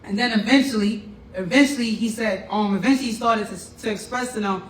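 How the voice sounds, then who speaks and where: A man with a notably high voice gives an informal lecture and keeps checking in with his listeners. He sits some way back from the mic in a roomy, echoing space. A faint hiss lies underneath. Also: fairly quick, a bit bright. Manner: conversational, often checks in with "right?" and "you know what I'm saying?". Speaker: class teacher. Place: room with a class. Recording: roomy and distant with faint noise.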